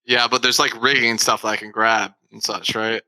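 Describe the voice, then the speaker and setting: A man's voice: fairly low pitch, flat delivery, normal speed, pushed and bright, low-quality recording. A man playing a tabletop game, eager and tripping over his words as he lays out his moves. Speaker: player.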